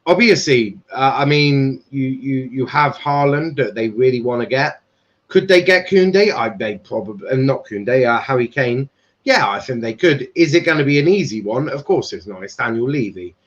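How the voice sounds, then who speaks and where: A man's voice: medium pitch, animated, normal speed, highs cut off. A man hosting a casual football transfer live stream, laughing often and swearing sarcastically.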